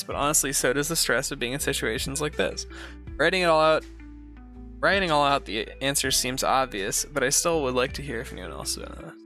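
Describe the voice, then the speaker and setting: A man's voice: medium pitch, bright, forceful tone. A young man hosting a show, reading a post aloud in first person and breaking off for blunt, sarcastic asides. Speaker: host reviewing reddit posts.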